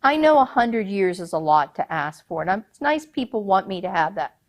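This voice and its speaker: A woman's voice: mid-range voice, sing-song, fairly quick. A woman storyteller voicing a proud Sultan who speaks grandly and coaxes in an imperious way. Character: proud, commanding Sultan, a ruler.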